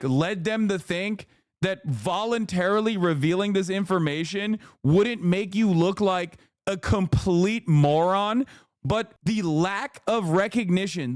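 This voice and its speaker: Streamer guy ranting and swearing, kinda high voice, dry close sound. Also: no echo. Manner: profane, animated ranting. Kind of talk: casual reaction commentary.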